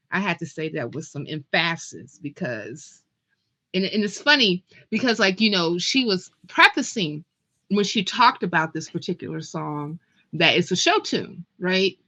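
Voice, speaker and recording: A woman's voice: lowish voice, animated, normal speed, pushed and bright. A woman hosting a podcast interview, chatting casually and animatedly with frequent laughter. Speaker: podcast host.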